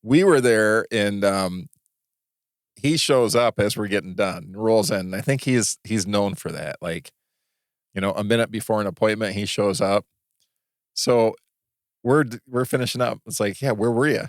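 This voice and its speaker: A man co-hosting a podcast in casual chat, telling stories in a rambling, halting way with many restarts. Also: fairly low pitch, no room sound, clean studio sound. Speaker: podcast co-host.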